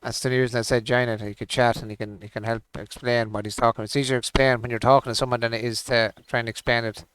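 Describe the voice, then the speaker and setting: A man streaming a game and chatting loosely with friends on a voice call. His voice sits at an ordinary middle pitch for a man. He swears casually and laughs easily as he talks. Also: level tone, fast, few pauses, fairly bright tone, clean tone, dry recording. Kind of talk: casual gaming stream chat.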